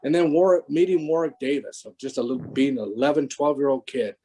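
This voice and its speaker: Older man, guest on a video call, warm low-key tone, rambling anecdotes. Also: quick pace, slight background noise, low-quality recording. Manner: rambling, many restarts. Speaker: guest, former stunt performer. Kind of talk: casual interview anecdotes.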